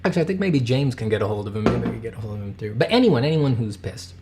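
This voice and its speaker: A man in his thirties rants on his livestream, reading chat messages aloud between outbursts. He swears freely and his voice swings from loud, pitched-up anger down to low, quiet grumbling. His pitch sits in the middle range. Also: big pitch swings, rapid-fire, noisy background. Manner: heated, swearing, swings from shouting to muttering. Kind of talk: casual livestream rant.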